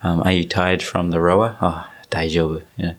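A man hosting a podcast in casual chat, easygoing and relaxed with lots of fillers. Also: low voice, fast talker. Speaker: podcast host.

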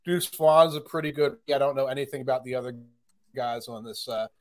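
A man's voice: mid-range voice, a little fast. A man talking football on a podcast, chatty and opinionated, with frequent fillers and restarts. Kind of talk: casual sports podcast chat.

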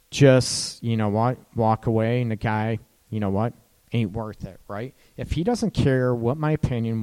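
Speaking at medium pitch with a clear, resonant and somewhat mellow tone, a man hands out casual relationship advice. He rambles in a friendly way, often checking "right?" and laughing at his own remarks.

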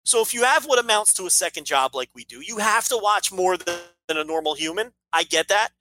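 A man's voice: high-pitched, expressive, a little fast, pushed and bright, no echo, faint music behind, poor audio. A man co-hosting a casual podcast, opinionated and ranting, swearing freely as he makes his case. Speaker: podcast co-host.

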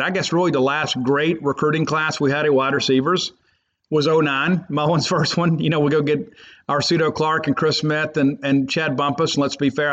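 A man hosting a sports podcast, talking in an emphatic, rambling way. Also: on the high side. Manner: emphatic, rambling, fan loyalist. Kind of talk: opinionated sports talk. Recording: muffled lo-fi podcast audio.

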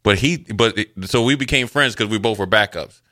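A man co-hosting a sports talk show, telling stories from his playing days in a loose, animated way and acting out what others said. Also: on the low side, fairly quick. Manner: animated storyteller, acts out quotes, loose and chatty. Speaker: sports radio co-host, former NFL player. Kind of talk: casual sports talk storytelling.

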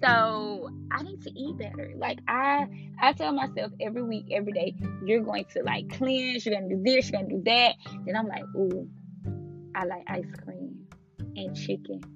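A woman's voice: fairly high pitch, normal speed, gravelly. A young woman with a Southern US accent, hosting a casual solo podcast and talking candidly to her listeners. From Southern United States. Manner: chatty, candid, laughs at herself, speaks straight to listeners. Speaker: podcast host. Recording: slightly dull lo-fi audio with faint music behind.

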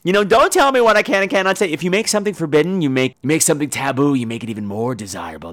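Racing along with few pauses, this young podcast host delivers a profane, sarcastic comedy rant about daily annoyances, dropping into silly put-on voices. His voice is on the high side, a bit bright, and lively in intonation.

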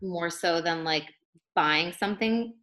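A young woman talks casually as a podcast guest, chatty and easygoing. Her voice sits a little low for a woman, and her speech is full of "like"s. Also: unhurried, fairly bright tone, slight background noise. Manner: chatty, many fillers like 'like'. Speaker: podcast guest, life coach. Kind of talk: casual interview chat.

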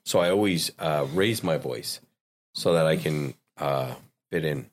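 A man talking as a podcast guest, drunk and high, rambling in halting, repeated words. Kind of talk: casual chat.

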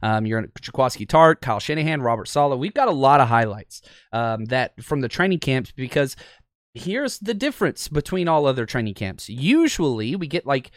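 A man's voice: mid-range voice, sing-song, normal speed, no echo, clean studio sound. A man hosting a sports podcast, talking casually and with enthusiasm, with lots of ums and uhs. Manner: chatty, enthusiastic, frequent fillers. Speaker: podcast host.

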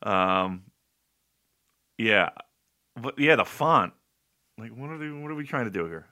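A man's voice: mid-range voice, animated, a little slow, pushed and bright. A man hosting a casual podcast chat, loose and joking, who swears freely and laughs often. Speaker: podcast host.

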